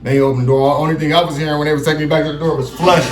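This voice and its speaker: A man telling a story from his own life in a casual, animated monologue, swearing freely and acting out what other people said, in a room with some echo. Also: fairly high pitch, very fast, hardly any pauses, very noisy. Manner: animated, profane, acts out quotes of others. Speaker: vlogger telling a personal story. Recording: roomy echo.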